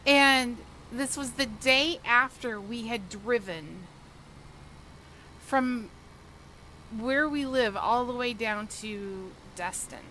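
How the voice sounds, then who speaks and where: A woman's voice: a little high, slow pace, bright, forceful tone, slight background noise, poor audio. A woman livestreamer chatting casually with viewers while gaming, telling stories and laughing often.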